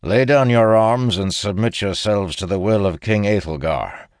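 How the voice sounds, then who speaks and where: A man reading an audiobook, voicing a cold, merciless male general who speaks gruffly and evenly. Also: on the low side, normal speed, no echo, studio quality, voice pushed up, natural voice. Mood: menacing. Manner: gruff, even, unyielding.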